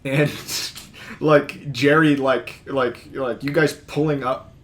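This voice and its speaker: A man's voice: medium pitch, steady tone, takes it slowly, a loud crowd. A man who was a player, chatting casually and rambling with many fillers. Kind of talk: casual podcast chat about a tabletop campaign.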